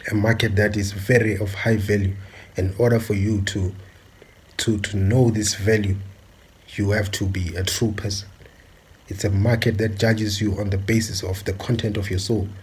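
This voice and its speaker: A man from South Africa delivering a forceful, repetitive monologue with many filler pauses. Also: lowish voice, little pitch movement, slightly rough. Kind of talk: impassioned monologue.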